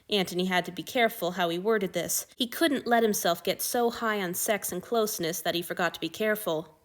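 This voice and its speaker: A woman's voice: mid-range voice, brisk. Woman reading fan fiction aloud. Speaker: narrator.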